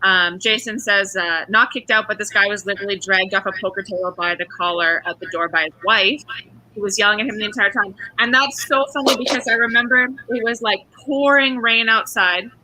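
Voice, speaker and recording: A woman's voice: medium pitch, brisk, bright, forceful tone, low-quality recording. A woman co-hosting a podcast, casually telling a casino story with many "like" fillers. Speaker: casino dealer, podcast co-host.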